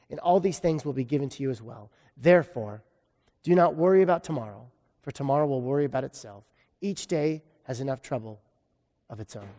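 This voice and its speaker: Brief: male pastor, higher-pitched voice, chatty joking sermon delivery, hall reverb. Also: a little mellow. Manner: self-deprecating humor, conversational preaching.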